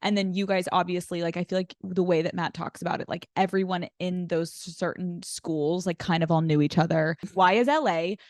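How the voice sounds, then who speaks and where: A woman's voice: lowish voice, steady tone, normal speed, hardly any pauses, dry recording, clean studio sound. A woman guesting on a podcast, telling a personal story in casual chat, filling her talk with "like". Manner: chatty storyteller with frequent "like" fillers.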